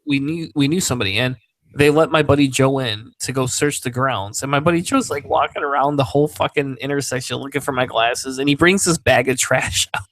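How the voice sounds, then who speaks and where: Male podcast co-host, casual storyteller, animated and profane, dry close mic. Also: medium pitch, fairly quick, no room sound. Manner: animated storyteller, acts out quoted voices, swears freely.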